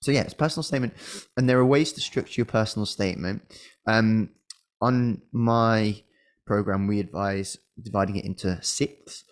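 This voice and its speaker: Speaking at a moderate pace in a lowish voice, this middle-aged medical school admissions coach offers relaxed, conversational advice. He keeps restarting and using fillers, and an occasional cough suggests he's slightly under the weather.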